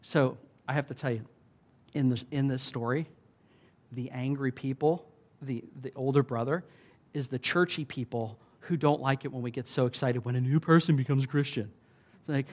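A man preaching a sermon, telling a parable in a casual way and raising his voice when he reads the quoted lines. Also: normal speed. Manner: animated, voice rises high when reading quoted lines; casual, many fillers, laughs often. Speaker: pastor.

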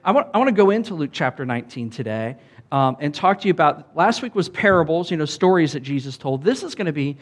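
A man's voice: fairly high pitch, quick pace. A man preaching a sermon in a loose, conversational way, often asking the congregation "Amen?" and filling with "like". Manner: conversational, animated preaching with many "like"s and calls of "Amen?". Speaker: pastor.

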